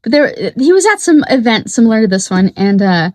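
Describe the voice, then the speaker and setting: Woman, podcast host, casual rambling talk, swears a lot, laughs often, high voice. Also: sing-song, fairly quick, a little mellow, no room sound. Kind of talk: casual monologue.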